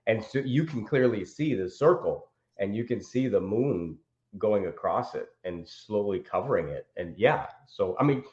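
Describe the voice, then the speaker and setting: A man's voice: lowish voice, animated, normal speed, darkish tone. A man who is a podcast guest, explaining things eagerly, with stumbling restarts. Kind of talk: casual podcast chat. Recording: echoey muffled remote audio.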